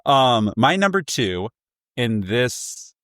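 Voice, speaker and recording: A man's voice: mid-range voice, big pitch swings, slow, fairly bright tone, dry recording, studio quality. A man co-hosting a casual podcast chat, easygoing and prone to small chuckles between points. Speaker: guest co-host.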